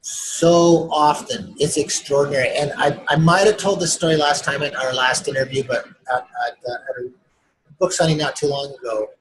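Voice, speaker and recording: A man's voice: on the high side, fairly even intonation, moderate pace, rough recording. A man being interviewed as an author, telling stories with enthusiasm and acting out other people's lines as he goes. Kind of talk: animated storytelling in a casual interview. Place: remote interview streamed live online.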